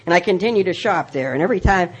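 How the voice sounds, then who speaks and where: A man's voice: high voice, animated, racing, a little hiss or hum. A man telling a personal recovery story in a rambling way, full of restarts and self-mocking humor. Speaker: speaker sharing his recovery story.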